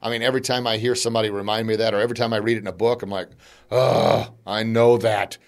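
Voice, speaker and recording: A man's voice: on the low side, rapid-fire. Chatty motivational man, podcast host. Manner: animated, chatty, laughs between points.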